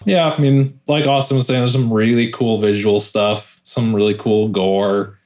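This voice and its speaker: A man's voice: lowish voice, little pitch movement, normal speed, a little mellow. Laid-back, hesitant man. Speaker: podcast panelist. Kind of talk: casual podcast discussion.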